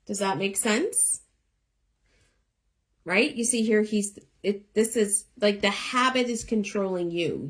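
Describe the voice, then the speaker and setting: A middle-aged woman giving live one-card tarot readings, chatty and encouraging, talking straight to her viewers. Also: mid-range voice. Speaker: tarot reader.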